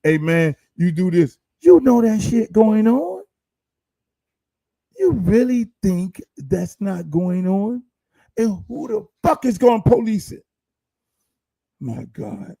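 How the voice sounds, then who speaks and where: A man's voice: high voice, sing-song, slow, creaky, pauses often, mellow, breathy edge, no echo. A man hosting his own podcast, ranting in a casual, profane, heated way and firing off rhetorical questions. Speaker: podcast host.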